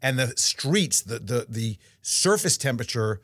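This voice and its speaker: A middle-aged man co-hosting a podcast, telling a story in casual chat with animated delivery and frequent restarts. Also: medium pitch, unhurried, no room sound. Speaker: podcast co-host.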